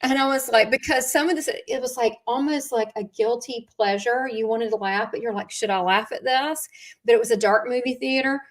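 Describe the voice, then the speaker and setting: A woman in casual conversation, talking warmly about spiritual practice and stories, often restarting her sentences with fillers. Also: a little high, fairly even intonation, fairly quick, hardly any pauses. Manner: chatty storyteller with frequent fillers and restarts.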